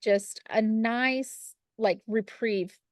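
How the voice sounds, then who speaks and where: High-pitched rambling woman, casual chat. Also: very slow, no echo. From Texas. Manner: rambling, many restarts and fillers. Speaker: pig breeder, podcast co-host.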